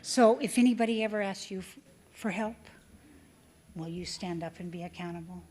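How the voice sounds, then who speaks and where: A woman voicing a calm, dry-humored male airline captain who asks steady, kindly questions. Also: mid-range voice, normal speed, close to an everyday voice.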